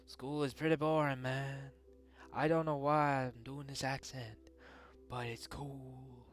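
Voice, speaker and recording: A man's voice: mid-range voice, fairly even intonation, moderate pace, a bit bright, soft background music, lightly acted. A man doing a chatty schoolboy with a put-on accent. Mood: laid-back. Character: chatty, sandwich-obsessed teenage schoolboy.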